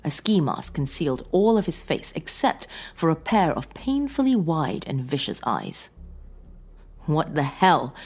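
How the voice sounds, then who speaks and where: Woman horror narrator, deep husky voice, dramatic and expressive. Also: normal speed, hardly any pauses.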